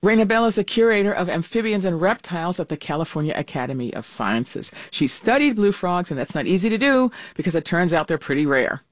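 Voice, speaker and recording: A fairly high male voice, recorded close and dry, reads a news feature slowly and deliberately. The delivery is scripted and even. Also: dry recording. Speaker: news reporter.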